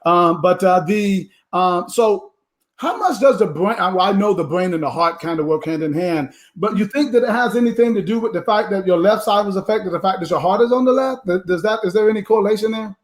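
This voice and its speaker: A man hosting a talk show interview, inquisitive and halting, often restarting his sentences. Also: sits high. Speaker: host.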